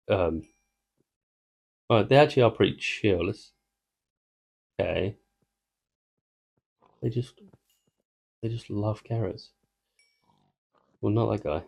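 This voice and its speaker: A gaming video creator offers casual let's-play commentary in a low, slightly mellow voice with vocal fry. His tone is steady and his pace measured, with frequent pauses as he rambles, tries a joke, and interrupts himself.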